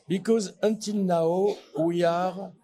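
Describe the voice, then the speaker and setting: A man's voice: high voice, fairly even intonation, takes it slowly, mellow. A man answering an interview question in a joking, self-deprecating way.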